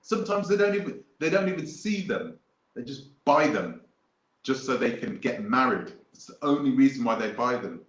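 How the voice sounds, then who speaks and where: A man's voice: medium pitch, sing-song, moderate pace. A man hosts a live stream, talking in a casual, rambling way and hammering his points home by repeating them. His voice sounds echoey, as if recorded in a bare room, and a little muffled. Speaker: host.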